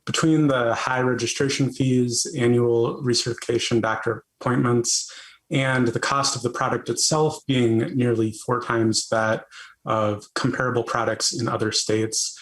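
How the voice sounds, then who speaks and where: A man representing an advocacy group, briskly reading prepared testimony to a legislative committee. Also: medium pitch, steady tone, rough recording.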